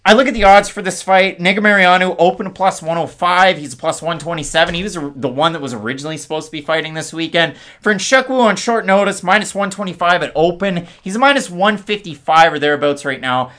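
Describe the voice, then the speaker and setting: A man's voice: high-pitched, a bit bright. A man hosting a casual MMA preview, rattling off records, odds and scorecards. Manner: stat-heavy, brisk. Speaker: MMA podcast host. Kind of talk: casual fight-preview chat.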